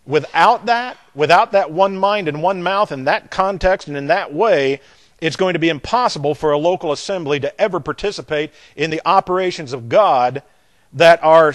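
A man's voice: fairly high pitch, animated. Older Southern man preaching emphatically. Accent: Southern American. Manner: emphatic, drawn-out delivery that swells in loudness on key words; repeats words as he builds his point. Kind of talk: sermon.

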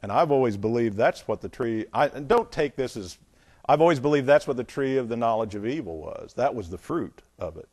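Animated male Bible teacher on tangents. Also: medium pitch, a little fast, slightly rough. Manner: animated, digressive, asks the audience questions. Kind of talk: sermon-style Bible teaching.

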